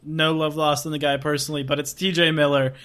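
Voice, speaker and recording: A man co-hosting a film podcast, his voice a little high and sharply bright. He talks in an eager, giggly way, casual and quick to enthuse. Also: level tone, clean tone. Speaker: podcast co-host. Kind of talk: casual chat.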